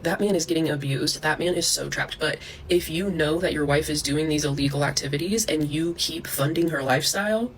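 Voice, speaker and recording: Gravelly woman ranting to camera. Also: sits low, brisk, few pauses, slight background noise, low-quality recording. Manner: profane, heated, with scornful laughs. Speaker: vlogger.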